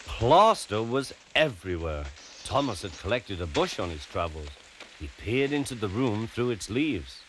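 A man narrating a children's story, clear and expressive. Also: on the low side, measured pace, background noise.

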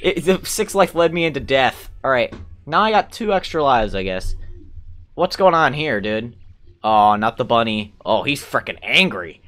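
Excitable young man narrating his gameplay. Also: medium pitch, moderate pace. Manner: excitable, talks to the game characters, hums along, mild cursing. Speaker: gameplay commentator. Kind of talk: casual let's-play commentary. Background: game music.

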